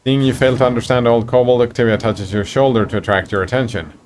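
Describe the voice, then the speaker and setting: A man's voice: mid-range voice, steady tone, fast talker, hardly any pauses, darkish tone, a little hiss or hum. A man streaming a text adventure game, reading the story aloud and chatting casually with his viewers. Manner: casual, reads narration and chats with viewers.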